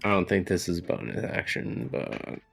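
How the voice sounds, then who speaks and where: A man playing a tabletop game, talking slowly and hesitantly while checking his rules and spells. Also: low-pitched, flat delivery, creaky, a bit bright, slightly rough, faint music behind. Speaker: player. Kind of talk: casual tabletop game chat.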